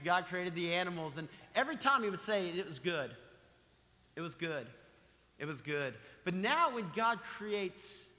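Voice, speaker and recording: A man's voice: a little high, pushed and bright. A man preaching a sermon as pastor, emphatic, repeating key phrases and putting questions to the congregation. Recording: long reverb of a large hall.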